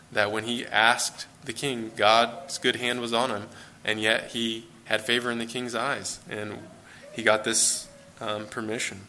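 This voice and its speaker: A man with an American accent preaching a sermon in a church, conversational and relaxed, with fillers and self-corrections. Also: mid-range voice, slight background noise.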